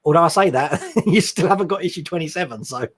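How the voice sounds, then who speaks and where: An English man hosts a scale modelling live stream, speaking fast in a fairly high voice as he chats casually about his hobby. He reads viewer questions off the screen and answers in a loose, friendly ramble, laughing often.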